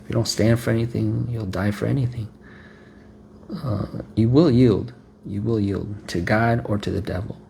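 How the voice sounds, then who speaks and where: A man's voice: lowish voice, steady tone, moderate pace, gravelly, warm tone, a little hiss or hum. A man preaching a sermon in a rhetorical, repetitive way, often checking in with "right?".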